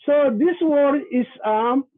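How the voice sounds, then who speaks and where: A man teaches over a video call, and his voice sits very high for a man. He spells out sounds one by one, in a deliberate, patient way. The audio is thin and tinny, like a phone line. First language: Somali. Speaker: Somali language and culture presenter.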